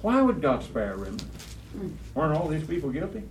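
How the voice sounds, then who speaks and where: A man's voice: fairly high pitch, huge pitch swings, a little fast. A man teaching a Bible study class, quizzing the students and repeating key phrases with emphasis. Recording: roomy, distant, faint room noise.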